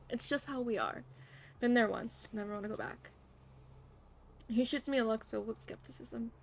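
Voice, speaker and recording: Young woman streamer, gravelly voice, fairly high, dramatic game reading, faint background noise. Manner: dramatic first-person reading with casual asides. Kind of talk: reading a game script aloud as a live stream.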